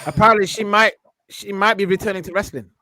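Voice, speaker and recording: A man hosting a casual wrestling podcast, animated and laughing easily. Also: sits high, fast. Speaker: podcast host.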